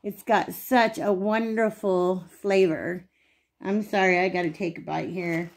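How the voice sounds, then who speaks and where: A woman's voice: medium pitch, unhurried. A woman hosts a casual cooking video from her home kitchen, talking straight to her viewers. Her talk is chatty and homely, and at times she speaks with her mouth full. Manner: chatty, homey, talks while eating. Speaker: cooking channel host.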